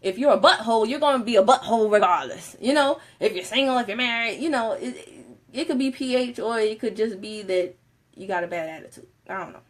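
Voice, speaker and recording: A woman talks to her viewers in a casual motivational style. Her voice sits fairly high, and she moves from quiet, steady advice to loud, laughing bursts. She laughs often as she talks. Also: brisk. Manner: animated, laughs often, switches from soft to loud. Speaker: motivational speaker on a live stream.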